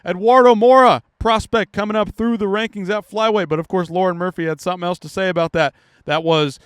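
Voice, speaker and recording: A man's voice: high-pitched, fairly even intonation, brisk, smooth, dry recording, studio quality. A man giving a brash, profane casual recap of fight results, trash-talking the fighters. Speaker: MMA commentary host.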